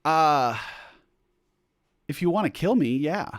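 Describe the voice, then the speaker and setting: Speaking slowly but animatedly in a fairly high voice, a man runs a casual livestream for his supporters from a room at home. He reads comments aloud and rambles chattily, breaking off with fillers and restarts, and the sound is clean studio quality without echo.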